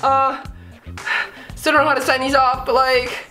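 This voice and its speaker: A man's voice: very high-pitched, little pitch movement, measured pace, sharp tone, soft background music. A young man casually reading viewer comments aloud and joking about them in a playful, mock-dramatic way. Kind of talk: casual comedic vlog.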